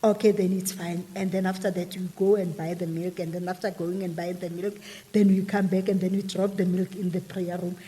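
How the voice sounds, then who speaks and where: A woman recounts a personal story in a loose, rambling way, stringing events together one after another. Her voice is mellow and warm. A long reverb trails after her words. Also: lowish voice, level tone, a little fast. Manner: rambling, chains events with repeated "and then" and "whatsoever".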